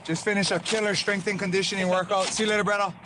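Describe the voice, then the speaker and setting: A man's voice: high voice, quick pace, a little hiss or hum. Upbeat fighter calling in from his truck. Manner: energetic, laid-back slang. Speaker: professional fighter, guest. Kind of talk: casual call-in interview.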